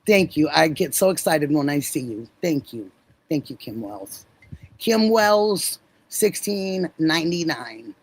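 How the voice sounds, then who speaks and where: A woman's voice: low-pitched, expressive, slow, husky, low-quality recording. Chatty laughing woman streamer. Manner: chatty, effusive, laughs often. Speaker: livestream host. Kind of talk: casual chat with live viewers.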